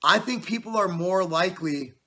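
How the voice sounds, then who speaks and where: Out-of-breath, bright-voiced man in his 40s. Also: high voice, moderate pace. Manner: loud, passionate and swearing, with many "you know" fillers. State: out of breath with a stuffy nose. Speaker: fitness channel host. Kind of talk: casual vlog talk to camera. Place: home basement.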